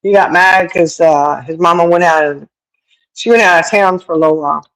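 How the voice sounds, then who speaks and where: With a fairly low pitch and a brisk delivery, a middle-aged woman hosts a casual livestream, often laughing as she replies to viewers. The streaming setup yields poor audio.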